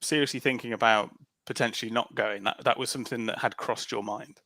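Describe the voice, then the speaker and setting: A man with a Black Country accent hosts the podcast, his voice bright and pressed. He hesitates a lot, with ums and false starts. The sound is dry and close. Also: mid-range voice, fairly even intonation, a little fast, no echo. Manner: hesitant, many ums and restarts. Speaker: podcast host. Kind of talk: podcast interview.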